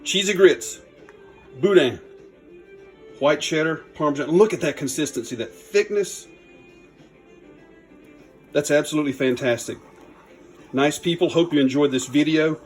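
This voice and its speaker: A man's voice: fairly high pitch, moderate pace, pauses often, faint music behind. A man, chatting in a folksy, upbeat way while demonstrating a recipe in his home kitchen. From Louisiana. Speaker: cooking channel host. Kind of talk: casual cooking demo.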